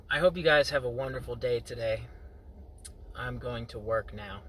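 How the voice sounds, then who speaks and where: Guy chatting to the camera, laid-back storytelling, bright clear tone. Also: mid-range voice, normal speed, a little hiss or hum. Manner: relaxed, chuckles at his own story. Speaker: vlogger. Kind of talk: casual storytelling.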